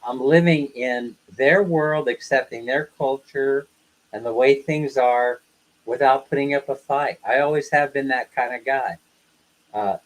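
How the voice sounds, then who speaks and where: A man's voice: medium pitch, poor audio. An older man hosting a casual livestream, telling stories in a chatty way, laughing often and acting out what people said. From the West. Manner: chatty storyteller, laughs often, acts out quoted lines. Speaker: livestream host. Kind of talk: casual live chat.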